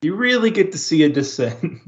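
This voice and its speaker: A man's voice: sits high, sing-song, moderate pace, dull audio. A man playing in an online tabletop game, chatting casually and teasing the others. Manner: joking, teasing. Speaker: player. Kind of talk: casual chat between players.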